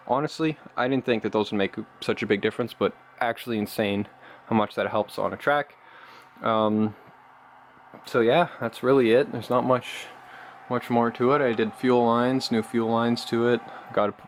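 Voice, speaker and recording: A man's voice: mid-range voice, slight background noise. Rambling man showing off his gear. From Canada. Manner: loose and rambling, many ums and uhs, enthusiastic about his gear. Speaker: RC car hobbyist vlogger. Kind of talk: casual show-and-tell vlog.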